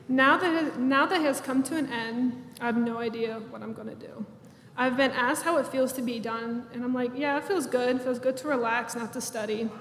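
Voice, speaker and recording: A woman's voice: a little high, slight background noise. A young woman in her twenties, a class president giving a chatty, self-deprecating graduation speech in a church. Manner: chatty, self-deprecating, laughs through nervous moments. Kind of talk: prepared ceremony speech. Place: large church sanctuary. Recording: echoey hall, room mic.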